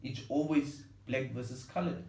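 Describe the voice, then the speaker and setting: Man, warm dark tone, analytical and hesitant, recorded from afar. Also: medium pitch, moderate pace, vocal fry. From not from Cape Town. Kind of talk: casual discussion. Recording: echoey room, mic at a distance.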